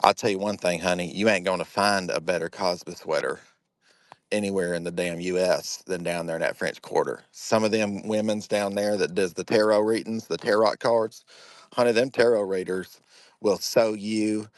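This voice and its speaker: A man's voice: low voice, steady tone, normal speed, natural voice. A man voicing a campy gossiping Southern man who keeps calling the listener honey, in a sassy, teasing drawl.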